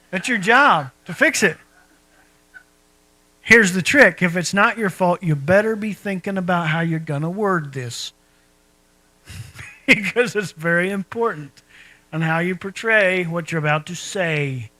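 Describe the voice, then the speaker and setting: A man's voice: high voice, a little slow, pauses often, pushed and bright, dry recording, poor audio. A man preaching a sermon in a folksy, conversational way, asking his listeners rhetorical questions. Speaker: pastor.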